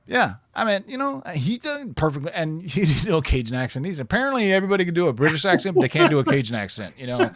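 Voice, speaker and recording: Rambling man with a lively voice. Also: fairly high pitch, fast talker, few pauses, dry recording, studio quality. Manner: rambling, self-correcting, chuckling. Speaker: podcast co-host reading viewer questions. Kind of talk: casual live-stream chat.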